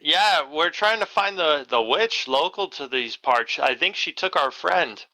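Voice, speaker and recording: A man's voice: fairly high pitch, lively intonation, unhurried, sharp tone, rough recording. A man playing a tabletop game, jokey and teasing. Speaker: player.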